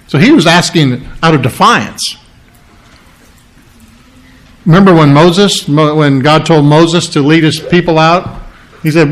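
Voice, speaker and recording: A man preaching a sermon, explaining scripture earnestly and acting out the story with lively voices. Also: a little high, measured pace, poor audio.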